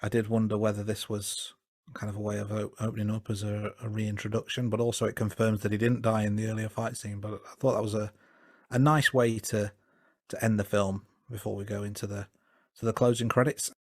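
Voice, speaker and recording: Low-voiced man reviewing films casually. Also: a little fast, no echo, studio quality. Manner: relaxed, hesitant, with fillers and restarts. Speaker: podcast co-host. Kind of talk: casual film review chat.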